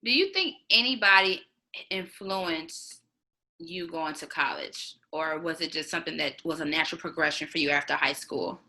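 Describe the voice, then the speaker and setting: A woman's voice: deep voice, normal speed, sharp tone, poor audio. A woman interviewing a guest. She asks long, searching questions and acknowledges answers with "gotcha". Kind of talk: casual conversational interview.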